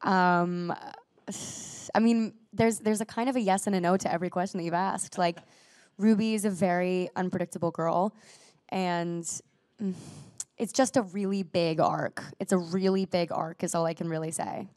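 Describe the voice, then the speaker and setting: A woman's voice: lowish voice, fairly even intonation, darkish tone, no echo, studio quality. A young woman actress chatting in an interview, bubbly and full of "like" and restarts, still coughing from a recent illness. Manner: bubbly, heavy use of "like", quick restarts. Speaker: actress guest. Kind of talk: casual interview chat.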